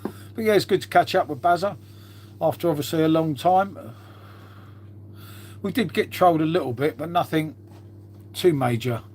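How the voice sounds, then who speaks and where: Fairly high in pitch yet darkish in tone, a middle-aged man's voice moves at a moderate pace with frequent pauses. He rambles casually to his live-stream viewers, calling them mate and musing aloud as he tidies up.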